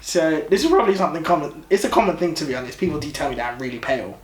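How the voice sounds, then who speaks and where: A man's voice: fairly high pitch, very fast. Young man chatting in an echoey room. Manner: relaxed, explanatory, laughs easily. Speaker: vlog co-host. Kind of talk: casual couple vlog chat.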